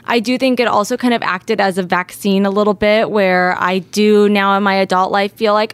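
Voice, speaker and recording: A woman's voice: medium pitch, steady tone, moderate pace, hardly any pauses, clear, resonant tone, no room sound. A woman in her thirties, a podcast guest, chatting in an easygoing, reflective way with hesitant fillers. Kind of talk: casual chat.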